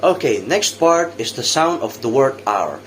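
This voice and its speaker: A young man with an Indonesian accent, giving a practice English lesson as a student teacher and repeating example words slowly for drilling. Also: medium pitch, big pitch swings, slight background noise.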